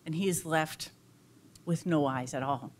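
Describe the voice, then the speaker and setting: Woman, lecturer, expressive storyteller, dramatic delivery, lowish voice. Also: measured pace, slight background noise.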